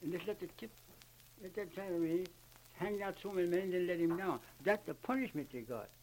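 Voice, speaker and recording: Older Southern man, gravelly, rambling oral-history telling, hissy old field recording. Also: sits high. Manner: rambling, repetitive, halting. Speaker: interviewee recounting memories. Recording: noisy old archival recording.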